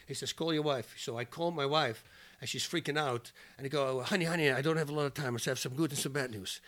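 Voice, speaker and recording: A man as a podcast guest, telling lively anecdotes and laughing through his own stories. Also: medium pitch, fast. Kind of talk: animated storytelling.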